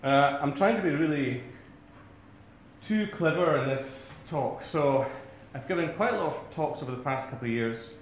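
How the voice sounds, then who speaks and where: A man's voice: a little high, expressive, moderate pace, roomy sound, a little hiss or hum, poor audio. A man with a Scottish accent giving a talk to a live audience in a rambling, self-deprecating way, full of restarts. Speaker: academic speaker.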